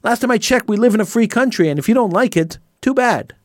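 A man's voice: high-pitched, fast, no room sound, clean studio sound. A man hosting a call-in talk show, delivering an indignant monologue full of rhetorical questions and repeated phrases. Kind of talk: opinionated monologue.

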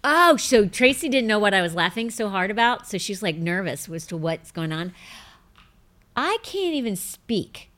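A middle-aged woman hosting a show, telling rambling, self-mocking stories in a bubbly, casual chat and breaking into high laughing fits. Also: fairly quick, few pauses, fairly bright tone. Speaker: host.

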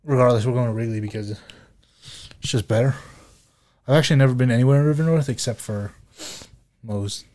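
A man's voice: mid-range voice, a little fast, long pauses, a little mellow. A young man hosting a podcast, telling stories in laid-back, casual chat full of swearing. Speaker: podcast host.

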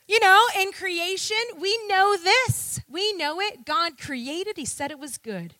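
A woman delivers a sermon in a high, bright voice that rises and falls with lively, animated energy. She takes her time and leans on rhetorical questions and call-and-response with the congregation. The sound is close and dry. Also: takes it slowly, hardly any pauses, dry recording. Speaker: preacher.

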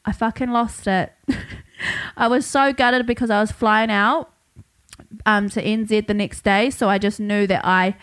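A woman's voice: mid-range voice, fairly even intonation, measured pace, fairly bright tone, clear, resonant tone. A young woman with a New Zealand accent hosting her own podcast, telling a story in a chatty, laugh-filled way with plenty of swearing. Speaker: podcast host. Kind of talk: casual storytelling monologue.

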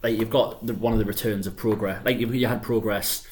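A man's voice: on the low side, steady tone, a little fast, darkish tone. A man co-hosting a podcast, jokey and sweary. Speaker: podcast co-host. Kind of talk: casual chat about wrestling.

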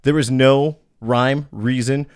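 A man's voice: medium pitch, fairly even intonation, slow pace, clear, resonant tone, dry recording. A man with a mid-range, ordinary voice co-hosts a podcast, telling crude stories in an easygoing, joking way. His voice is recorded dry and close. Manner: profane, joking, easygoing storytelling. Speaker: podcast co-host. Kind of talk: casual podcast chat.

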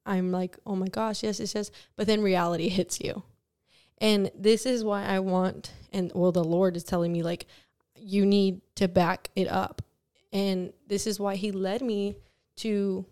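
A young woman hosting a Christian podcast, telling her personal testimony in an earnest, animated way with frequent laughs. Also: medium pitch. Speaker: podcast host.

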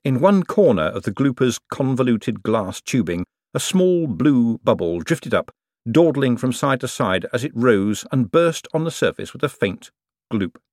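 A man narrating an audiobook in an expressive, comic reading style. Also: medium pitch, a little slow, no echo, clean studio sound. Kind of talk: scripted narration.

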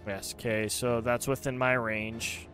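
A man's voice: medium pitch, flat delivery, measured pace, fairly bright tone, faint music behind. Hesitant man playing a tabletop game. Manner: hesitant questions with fillers. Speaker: player. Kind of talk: casual tabletop play.

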